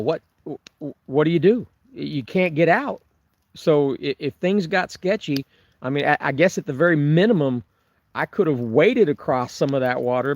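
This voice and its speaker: A man doing a casual livestream from a remote forest campsite, answering viewer comments in a rambling way with chuckles and restarts. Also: fairly high pitch. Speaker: Bigfoot researcher vlogger. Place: camping on remote forested property.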